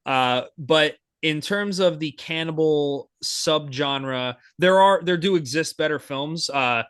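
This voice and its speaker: Speaking slowly in a slightly high, somewhat bright and clean voice, a young man co-hosts a podcast. He's casual and enthusiastic, rambling with many fillers and restarts. Studio-quality sound, no room sound.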